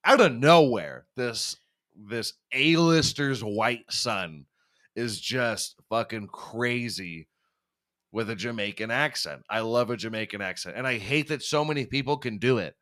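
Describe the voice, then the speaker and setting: A man's voice: medium pitch, expressive, measured pace, fairly bright tone. A young man hosting a podcast, rambling and swearing freely, often laughing at himself. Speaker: podcast host. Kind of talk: casual chat.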